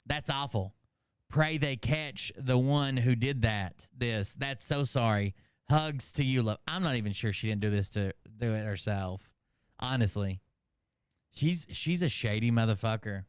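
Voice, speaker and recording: A man's voice: medium pitch, unhurried, clean tone, no echo, studio quality. A man hosting a casual commentary show, reading comments aloud and mocking them with sarcastic, profane asides.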